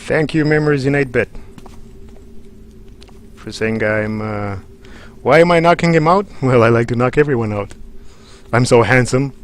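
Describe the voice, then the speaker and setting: A man's voice: medium pitch, moderate pace, pauses often. Chatty man. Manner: chatty, rambling, jokey. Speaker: livestream host. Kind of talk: let's play commentary.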